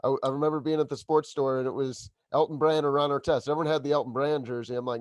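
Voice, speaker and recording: A man's voice: mid-range voice, fairly even intonation, fast, hardly any pauses, dry recording. A man hosting a podcast, talking in an eager, chatty way. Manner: eager, chatty fan talk. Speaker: podcast host. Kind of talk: casual podcast chat.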